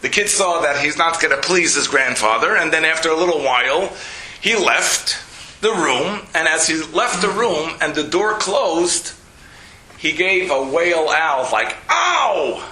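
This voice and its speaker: Man, rabbi, storytelling lecture, animated quotes, slightly high pitch, roomy hall echo.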